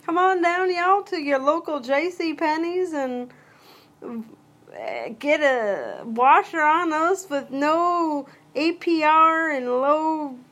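An overexcited small-town store announcer, put on by a woman, pushing deals in a put-on drawl. The voice sits high and bright, every word stretched out and pushed hard like a loud radio spot. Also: animated, full character voice. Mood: hyped. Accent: put-on Southern-style drawl. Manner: hyped, drawn-out sales pitch. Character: overexcited folksy retail ad announcer, adult.

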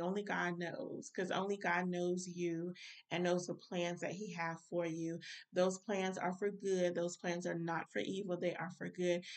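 A woman's voice: fairly low pitch, far from the mic. A woman minister giving a casual Bible study talk, speaking straight to her listeners. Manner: informal, direct address to listeners.

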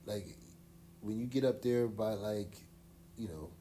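A man's voice: fairly low pitch, unhurried, mellow, a little hiss or hum. A man co-hosting a podcast, talking in a laid-back, rambling way full of slang and fillers. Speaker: podcast co-host. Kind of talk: casual chat.

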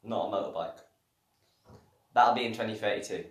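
A man's voice: on the low side, fairly quick. A man hosting a casual podcast, teasing his friends and steering the banter. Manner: teasing, bursts into loud laughing bits. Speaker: podcast host. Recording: echoey room.

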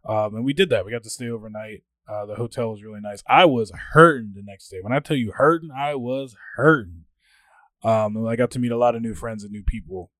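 Lively young man telling party stories. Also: fairly low pitch, brisk, dry recording. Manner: animated storyteller, acts out quoted friends. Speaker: podcast co-host. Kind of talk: casual chat.

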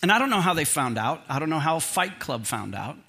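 A middle-aged man preaching from the pulpit in a bright, forceful voice that sits a little high. He tells his story in an animated way, pokes fun at himself and keeps the tone humorous. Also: a little fast. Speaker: pastor. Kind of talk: sermon with personal storytelling.

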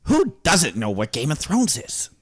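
A man's voice: fairly high pitch, wildly swooping pitch, unhurried, full character voice. A man doing a pompous rambling old author. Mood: silly pompous. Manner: goofy, self-important joking. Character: pompous older male fantasy author, rambling and silly. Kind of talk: comic impression on a podcast.

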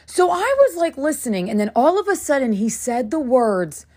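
A woman hosting a podcast, telling a personal story in a casual, animated way and acting out the dialogue. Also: high-pitched. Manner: animated, acts out dialogue with quick bursts. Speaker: podcast host.

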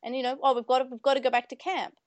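High-voiced woman, animated chat. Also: racing, dry recording. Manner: animated, acts out quoted lines. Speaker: podcast co-host. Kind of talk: casual chat.

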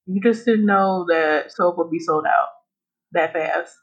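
A woman's voice: fairly low pitch, a little slow, slightly rough. A woman co-hosting a podcast in casual chat, blunt and profane, laughing often. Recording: dull lo-fi recording.

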